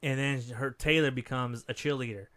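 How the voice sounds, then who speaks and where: A man recapping a horror film on a podcast, talking loosely and swearing often. His voice is forceful and crisp. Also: medium pitch, fairly even intonation, brisk. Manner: profane, loose storytelling with many fillers. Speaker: podcast co-host. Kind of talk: casual horror movie recap.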